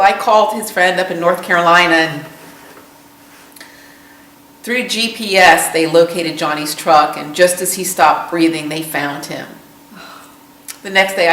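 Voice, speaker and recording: A middle-aged woman, a veteran's mother, telling her story in a documentary interview in a somber, halting way. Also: on the low side, fairly bright tone, reverberant, far from the mic, rough recording.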